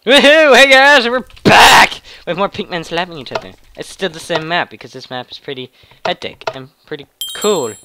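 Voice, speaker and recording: A young man giving excited, shouting gameplay commentary with a gravelly voice. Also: on the high side, moderate pace, heavy background noise. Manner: shouting, laughing, hyper reactions. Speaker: gaming channel host.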